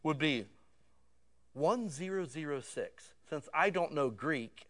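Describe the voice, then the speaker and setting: A man preaching a sermon in a conversational, casual way that swells to loud emotional peaks. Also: fairly high pitch, animated, slow pace.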